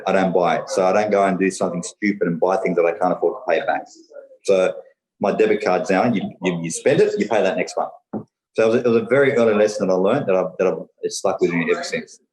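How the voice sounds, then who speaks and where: A man's voice: low voice, darkish tone, roomy sound, low-quality recording. An Australian man talking casually as a podcast guest, rambling with lots of fillers and "mate". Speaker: podcast guest, business owner. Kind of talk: casual interview chat.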